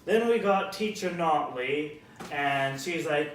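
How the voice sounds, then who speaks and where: A man from Canada performing a stand-up comedy set, animated and slipping into quick character voices. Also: a little high, heavy reverb, recorded from a distance, slight background noise.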